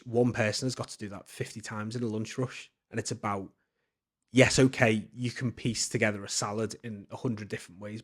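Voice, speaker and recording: A man, a podcast guest telling stories casually, with many fillers and restarts. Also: fairly low pitch. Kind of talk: casual storytelling.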